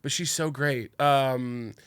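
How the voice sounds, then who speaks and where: A man's voice: medium pitch, fairly even intonation, slow pace, fairly bright tone, clear, resonant tone. A man hosting a podcast, chatting bluntly and playfully with frequent swearing. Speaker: podcast host. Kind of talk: casual podcast chat.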